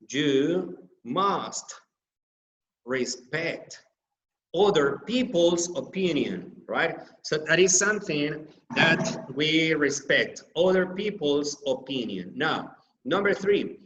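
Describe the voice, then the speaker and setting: A man whose first language is Spanish, teaching English grammar from slides, slowly repeating example sentences and stressing key words. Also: mid-range voice, fairly bright tone, muffled recording, slight background noise. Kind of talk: slide-based grammar lesson. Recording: echoey room.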